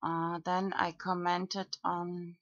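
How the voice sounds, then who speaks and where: A woman talks through her own video comments in a slow monologue, pausing often between fillers. Her pitch sits low and barely moves. The recording is dry and dull, with a muffled lo-fi tone. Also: no echo. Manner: slow, flat, with frequent pauses and fillers. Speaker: video blogger.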